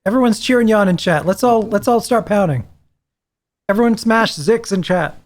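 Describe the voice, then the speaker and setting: A man's voice: sits high, moderate pace. A man hosting a charity livestream in casual chat, reading prompts and cheering his guests on. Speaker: livestream host.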